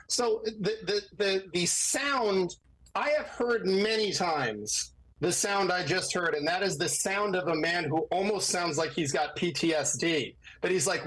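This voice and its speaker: A man's voice: sits high, measured pace, rough recording. A man who works as an attorney, talking as a guest on a podcast and acting out the voices he quotes. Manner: animated, acts out quoted voices. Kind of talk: podcast commentary.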